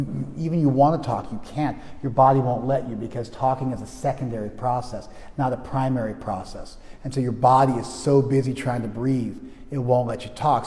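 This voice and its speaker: Man, spiritual teacher, casual group talk, restarts and checks with listeners, middle-pitched voice, lingering reverb. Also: mellow. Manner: conversational, frequent restarts, checks listeners with "you follow?".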